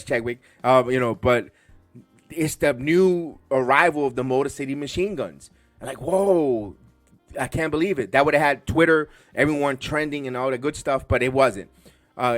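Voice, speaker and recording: Excitable rambling podcast man, dry sound. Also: mid-range voice, no echo. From the Bronx, New York. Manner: rambling, excitable, many restarts. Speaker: podcast host. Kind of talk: casual wrestling show review.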